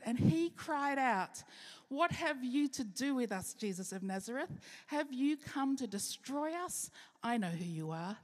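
A woman pastor giving an earnest sermon with rhetorical questions, slowing down for key phrases. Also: a little high, a little mellow. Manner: earnest preaching, rhetorical questions, slows for emphasis. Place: church hall. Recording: long hall reverb.

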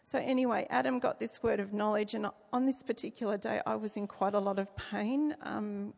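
A woman's voice: medium pitch, fairly even intonation, fairly quick, creaky, a little mellow, long reverb tail. A middle-aged woman giving a personal faith testimony, speaking earnestly and reflectively with frequent hesitations.

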